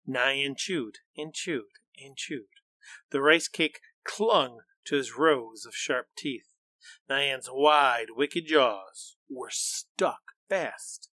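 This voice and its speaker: A man reading a children's storybook aloud in a measured, expressive way. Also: medium pitch, dry recording.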